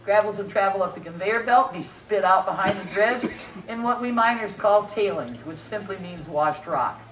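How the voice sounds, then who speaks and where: A woman's voice: medium pitch, expressive, normal speed, fairly bright tone. Folksy woman docent on a dredge. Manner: folksy, homespun. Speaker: mining site docent. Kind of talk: folksy tour presentation. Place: outdoors on a dredge barge. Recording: roomy distant sound with faint noise.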